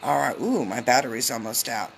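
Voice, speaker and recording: A woman giving a casual live tarot reading on a phone, chatty and loose, with lots of filler ums and quick hellos to her viewers. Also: extremely low pitch, vocal fry, a little hiss or hum. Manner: greets viewers mid-reading. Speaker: tarot reader.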